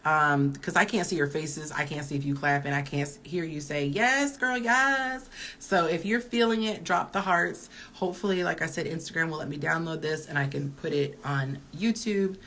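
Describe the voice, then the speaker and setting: A woman in her early forties runs a live-stream Q&A as a dating coach, candid and chatty as she reads viewer comments aloud. Her voice sits a little low, with a faint hiss of background noise under it. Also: brisk, few pauses, a bit bright. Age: early 40s.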